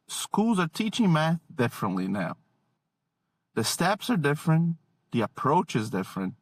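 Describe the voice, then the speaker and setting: A man's voice: medium pitch, a bit bright, dry recording. A man in his late thirties to forties hosting a podcast, telling comedic parenting stories in a wry, self-deprecating, exasperated way. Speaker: podcast host. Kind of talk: comedic storytelling monologue.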